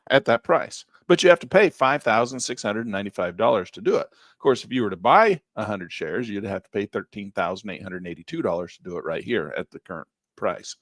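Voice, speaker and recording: A man's voice: fairly low pitch, expressive, a little fast, fairly bright tone, dry recording, studio quality. Folksy man teaching options trading. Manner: folksy, upbeat, talks while clicking through charts. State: losing his voice, clearing his throat. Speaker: trading instructor. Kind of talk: live screen-share trading lesson.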